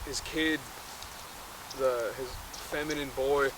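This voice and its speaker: A man's voice: medium pitch, steady tone, takes it slowly. A man casually retelling a film plot, rambling and constantly correcting himself. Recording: noisy outdoor background.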